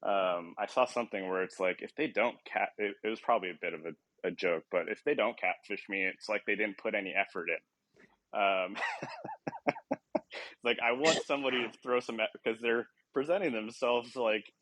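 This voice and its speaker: Low-ish guy rambling on a podcast, lots of ums and little laughs, kinda sleepy. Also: moderate pace, a bit bright. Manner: rambling, laughs often, many ums and restarts. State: short on sleep. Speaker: podcast host. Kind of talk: casual chat.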